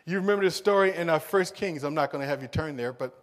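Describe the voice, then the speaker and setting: A man preaching a sermon, moving from loud emphasis to hushed pleading. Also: a little high, fast talker, in a large hall.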